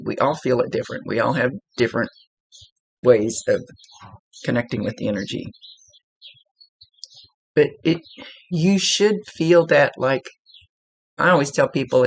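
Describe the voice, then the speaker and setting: A woman's voice: very deep voice, creaky, husky, low-quality recording. A woman psychic medium giving a casual spoken reading, chatty and explanatory with folksy asides.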